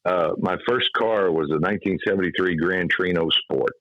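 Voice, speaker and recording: A man's voice: low-pitched, brisk, no room sound, dull audio. A middle-aged man from Kentucky with a trained radio voice, telling stories casually in an interview. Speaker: guest, comic hypnotist and former radio DJ.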